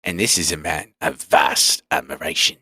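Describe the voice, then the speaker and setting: A man's voice: rumbling low, moderate pace, bright, forceful tone, slightly rough, no echo, heavily acted. A man voicing a scheming, menacing Roman senator in a Cockney accent for a comedic audio drama. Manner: theatrical, with sudden outbursts.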